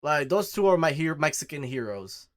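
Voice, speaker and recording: A man's voice: fairly high pitch, sing-song, fairly quick. Crude mocking young male streamer. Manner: crude, mocking, profane banter. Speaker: reaction streamer. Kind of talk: casual reaction commentary.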